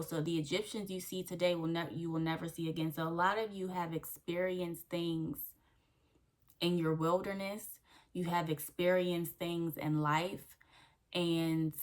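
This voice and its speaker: This young woman, a faith coach, hosts her own channel and delivers an earnest devotional teaching, repeating key phrases and checking in with "okay?". She speaks unhurriedly in a fairly low, steady voice.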